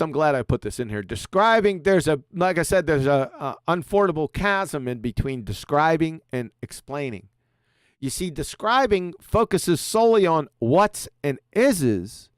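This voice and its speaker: A man's voice: on the high side, smooth, dry recording, clean studio sound. A middle-aged man hosting a livestream, lecturing sarcastically and firing off rhetorical questions. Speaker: show host. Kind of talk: lecture-style livestream monologue.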